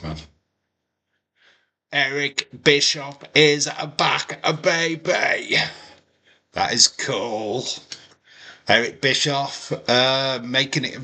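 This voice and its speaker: Excitable man streaming reactions. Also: medium pitch. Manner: animated, chatty, bursts of excitement. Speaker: wrestling watch-along streamer. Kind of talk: live reaction commentary.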